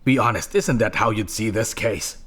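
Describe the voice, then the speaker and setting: An actor dubbing a smug police investigator who questions a suspect with condescending sarcasm. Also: male voice, fairly low pitch, moderate pace, fairly bright tone, a little hiss or hum, natural voice. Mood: mocking.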